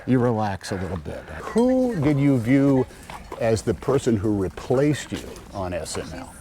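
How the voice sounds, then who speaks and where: A man's voice: mid-range voice, very animated, a little slow, warm tone, a little hiss or hum. A man chatting as a guest while hiking an outdoor trail, wry and self-deprecating. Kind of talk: casual chat on a hike.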